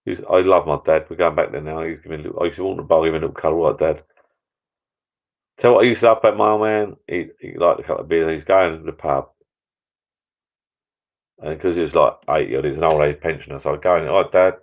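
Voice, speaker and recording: A man's voice: extremely low pitch, quick pace, gravelly, dull audio. An older man hosting a live stream from his backyard bar, chatting in a rambling, sentimental way. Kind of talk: casual chat. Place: backyard garden bar shed.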